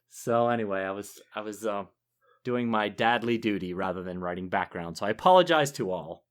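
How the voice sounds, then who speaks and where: Animated, chatty male podcast co-host. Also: lowish voice, a little fast. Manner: chatty, laughs easily, rambling asides. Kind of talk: casual chat.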